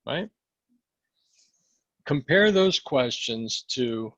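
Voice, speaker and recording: A man coaching salespeople in a training session, hoarse and losing his voice, often checking the group follows him. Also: medium pitch, measured pace, long pauses, a bit bright, dry recording, muffled recording. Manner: coaching, asks the group questions. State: losing his voice, clearing throat.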